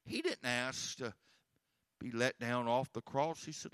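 A man preaching a sermon as pastor, swinging from hushed retelling to shouted emphasis and often repeating words. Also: mid-range voice, sing-song, a little slow, gravelly, no echo, studio quality.

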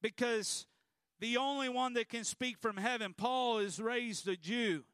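A man's voice: extremely high pitch, a little slow, a bit bright, smooth, no room sound. A male pastor preaching a sermon emphatically, prompting the congregation to repeat after him.

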